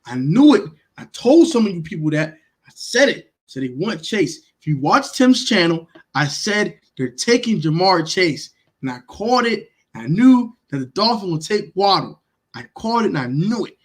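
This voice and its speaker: A man's voice: sits high, big pitch swings, normal speed. A man hosting a casual livestream, talking emphatically, repeating himself and swearing freely as he reacts to viewers by name. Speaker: livestream host grading draft picks.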